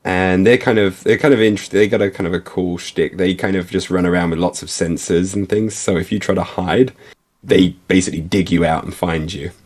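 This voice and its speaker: A man co-hosting a casual livestream chat, talking in a relaxed, chatty way with fillers. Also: low-pitched, brisk. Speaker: co-host.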